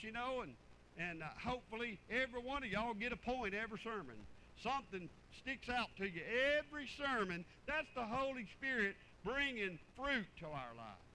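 A man's voice: very high-pitched, sharp tone, a little hiss or hum, poor audio. An older man, preaching a sermon in a folksy, rambling way that repeats words. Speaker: pastor.

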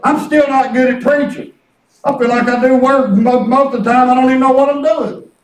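A preacher with a strikingly high voice delivers a fervent, folksy sermon full of humor and repetition. He speaks from some distance from the mic in a reverberant church room. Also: fairly even intonation, fairly quick. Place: church sanctuary.

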